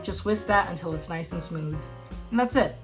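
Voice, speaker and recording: A woman's voice: on the low side, moderate pace, soft background music. Chatty upbeat woman hosting a cooking vlog. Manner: chatty, upbeat, full of "like" and "um" fillers. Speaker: cooking show host. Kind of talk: casual cooking vlog chat.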